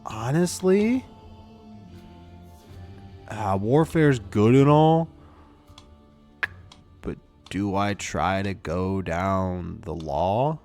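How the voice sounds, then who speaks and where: A young man casually commenting on his own strategy game, muttering to himself and flaring up to yell at his units. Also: on the low side, lively intonation, drawn-out words, long pauses. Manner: talks to himself, flares up yelling at his units. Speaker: streamer playing a strategy game. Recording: game music underneath. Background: game music.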